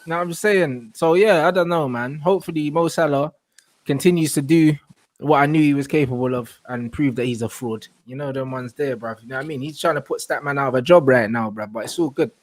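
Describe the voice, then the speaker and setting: A man co-hosting a casual football chat, relaxed and full of slang and catchphrases. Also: medium pitch, brisk, no echo. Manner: laid-back London slang, repeats catchphrases. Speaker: football podcast co-host. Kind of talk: casual banter about football.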